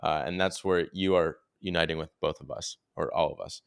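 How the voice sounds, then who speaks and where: This young man co-hosts a podcast and tells a loose, wandering travel tale full of swearing and repeated "dude"s. He speaks briskly in a gravelly bass with a clean tone.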